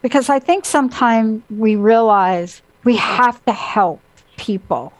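A woman hosting a talk show, chatting casually and telling animated stories with acted-out quotes. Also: fairly high pitch, slow, no echo, low-quality recording. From Italian heritage. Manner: animated storytelling, acting out quotes. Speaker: host. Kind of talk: casual chat.

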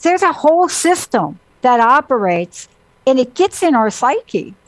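A woman hosting a casual talk show, her voice sitting a little high and recorded close and dry. She tells lively stories, acting out what people said. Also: no room sound, low-quality recording. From Italian heritage. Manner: animated storytelling, acting out quotes. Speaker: host. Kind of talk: casual chat.

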